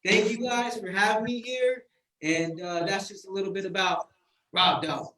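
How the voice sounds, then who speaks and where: A man's voice: high voice, steady tone, moderate pace, bright, forceful tone. A man sharing his life story in casual testimony, exuberant, calling out friends and saying "man" constantly.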